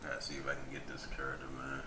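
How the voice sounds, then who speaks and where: A laid-back male gaming streamer chats to his viewers while he plays. His voice is low, and his mic sits far off in an echoey room. Loud game sound runs underneath him. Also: completely flat delivery, fast, heavy background noise. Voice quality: laid-back, talks to himself and chat, chuckles. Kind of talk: casual live gameplay commentary.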